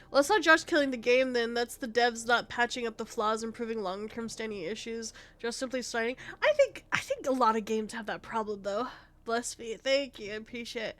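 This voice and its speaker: Brief: young woman game streamer, high youthful voice, rambling and profane, sniffly with a cold. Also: fairly bright tone. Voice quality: high, youthful voice she calls cute. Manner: rambling, swears often, reacts to chat. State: sniffly, sneezing and clearing throat. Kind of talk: casual game stream chat.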